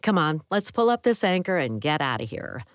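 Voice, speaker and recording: A woman reading a practical parent talking to their daughter on a boat in an audiobook, warm and practical. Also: sits low, very animated, moderate pace, no room sound, clean studio sound. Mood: affectionate.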